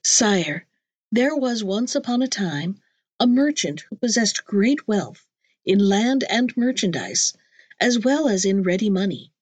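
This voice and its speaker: A woman narrating a classic storybook in a measured, clear reading voice. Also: mid-range voice, animated, darkish tone, no echo. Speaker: audiobook narrator.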